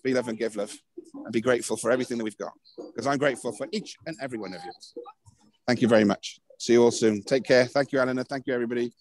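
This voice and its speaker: A man speaks softly and gratefully into his phone while standing outdoors on a hill at night. His voice sits at a middling pitch, and he rambles along with plenty of fillers. He sounds like a relaxed host chatting with his online circle. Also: very fast, a little hiss or hum, poor audio. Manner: gentle, thankful, rambling with fillers. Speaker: spiritual circle leader hosting a live stream. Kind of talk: casual live-stream chat.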